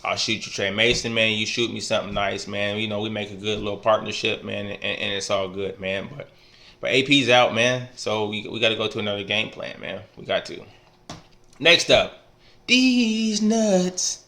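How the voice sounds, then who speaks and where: A man talks trash in a loose, easygoing video message. His voice is bright and pushes forward. He teases his friends playfully and caps almost every phrase with "man". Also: fairly low pitch, level tone, brisk, creaky. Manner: laid-back, ends nearly every phrase with "man"; teasing, playful ribbing. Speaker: fantasy football league member. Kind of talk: casual trash-talk vlog.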